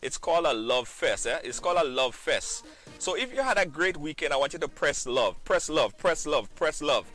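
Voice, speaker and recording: Guy hosting a live stream, bright voice, all over the place pitch-wise, dry close sound. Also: normal speed, faint music behind. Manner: animated, repeats phrases, bursts into sung shout-outs. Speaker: live show host. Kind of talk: lively live-stream chat.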